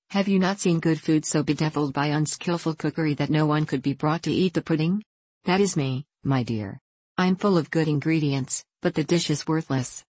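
A woman's voice: deep voice, no room sound. A woman voicing a courteous, self-mocking middle-aged prince in a storybook reading. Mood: teasing. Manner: courteous, gently teasing.

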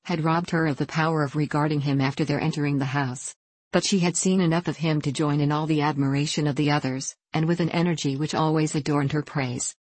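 A woman narrating a classic novel in a measured, even reading. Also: low-pitched, dry recording. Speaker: audiobook narrator.

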